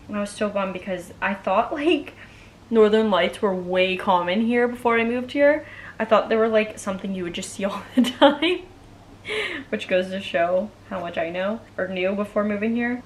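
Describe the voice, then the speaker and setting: A woman's voice: mid-range voice, a little hiss or hum. A young woman vlogging at home, chatting casually and bubbly, saying "like" a lot while she does her nails. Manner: chatty, bubbly, heavy use of "like".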